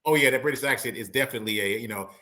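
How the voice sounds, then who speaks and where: This man talks very fast in a sharp, mid-range voice. A criminal and appellate attorney appearing as a guest, he chats casually about a trial, acting out quotes from the courtroom with slangy side comments.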